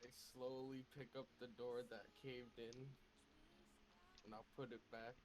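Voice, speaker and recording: A man's voice: medium pitch, flat delivery, a little slow, a little mellow, slight background noise. A man playing a tabletop game, hesitant and thinking aloud about his moves. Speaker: player.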